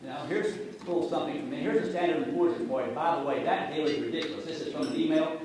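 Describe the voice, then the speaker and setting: Speaking fast in a voice on the high side, a middle-aged man jokes sarcastically through a finance talk, addressing the live audience directly. The recording is noisy and distant, made in an echoing hall.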